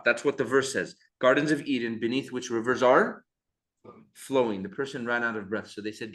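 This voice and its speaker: A man's voice: mid-range voice, fairly bright tone. A man teaching a seminary class, explaining terms and checking that students follow. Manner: checks understanding often, recites verses quickly. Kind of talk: classroom lecture. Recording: echoey classroom.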